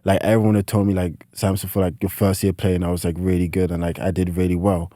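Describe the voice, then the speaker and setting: Low-voiced young British man, rambling. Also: flat delivery, fast talker, mellow, no room sound, studio quality. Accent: British, partly Americanized. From United Kingdom. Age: late teens. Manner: rambling, heavy use of "like" fillers. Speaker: podcast guest, student athlete. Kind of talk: casual interview storytelling.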